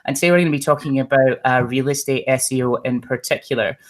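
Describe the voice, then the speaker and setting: A male webinar host who keeps things light, with a middle-pitched voice and a joking, teasing manner. He moves quickly between introductions and playful jabs at his guests. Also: fairly even intonation. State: energetic from caffeine. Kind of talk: casual panel introductions.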